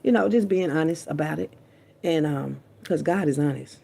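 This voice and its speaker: A woman's voice: low-pitched, normal speed, creaky, dark tone, a little hiss or hum. A woman vlogger talking candidly and bluntly to her viewers, chatty and profane, often repeating herself. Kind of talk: candid casual storytelling to viewers.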